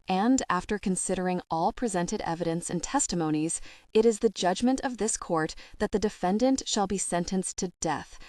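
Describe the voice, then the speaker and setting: A woman voicing a stern, grave male judge in an audiobook, slow and solemn. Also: on the low side, dry recording, natural voice. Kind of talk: audiobook narration.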